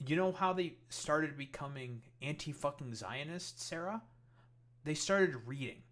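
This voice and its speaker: A man's voice: on the high side, expressive, a little slow, a bit bright. Guy streamer ranting hard, swearing nonstop, heated political commentary. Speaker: streamer host.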